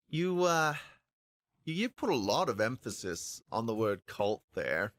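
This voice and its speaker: A man's voice: lowish voice, animated, unhurried, fairly bright tone, dry recording, clean studio sound. A man ranting casually on a livestream, stammering and repeating himself, acting out both sides of imagined conversations. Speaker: streamer discussing films.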